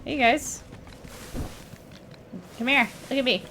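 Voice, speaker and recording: A woman's voice: high voice, fairly even intonation, takes it slowly, pushed and bright, soft background music. A woman streaming a video game, giving chatty, emotional, joking commentary. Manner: chatty, emotional, jokey reactions. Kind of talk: casual gameplay commentary.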